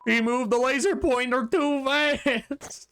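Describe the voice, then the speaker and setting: A woman's voice: sits high, slow, a bit bright, slight background noise. A woman casually commenting while she plays a game, giggling and reading the dialogue aloud. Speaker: let's play player.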